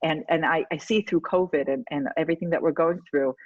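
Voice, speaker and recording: A woman's voice: low-pitched, fairly quick, no echo. A woman educator guest in an interview, talking in an emphatic, persuasive way. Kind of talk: conversational interview. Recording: dull lo-fi dry sound.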